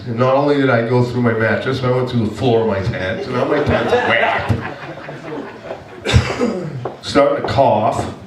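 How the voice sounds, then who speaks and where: A man preaching as pastor, telling a story in an animated, self-mocking way and acting out his own complaints. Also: medium pitch, background noise. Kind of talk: storytelling sermon. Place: church hall. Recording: echoey room from far off.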